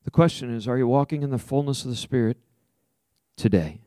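Preaching from the pulpit, this pastor acts out quotes as he tells a story, then slows down into a gentle, prayerful invitation. His voice is middling in pitch, and the sound is close and dry.

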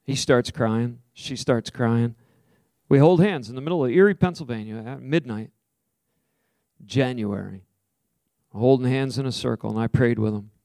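A man, a minister, preaching a sermon, telling a personal story with lively acted-out quotes and then softly leading a slow, prayerful invitation. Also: mid-range voice, vocal fry, no echo, clean studio sound. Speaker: pastor.

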